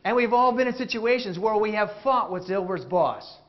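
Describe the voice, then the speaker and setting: A man giving an interactive motivational keynote on stage, animated and jokey, asking the audience questions. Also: high-pitched, moderate pace, lo-fi sound. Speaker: keynote speaker. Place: stage before a live audience.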